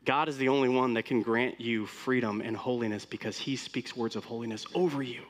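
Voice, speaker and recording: Male pastor, mid-pitched voice, casual sermon delivery, keeps asking the congregation questions. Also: steady tone, fairly quick. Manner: conversational, asks the congregation many rhetorical questions.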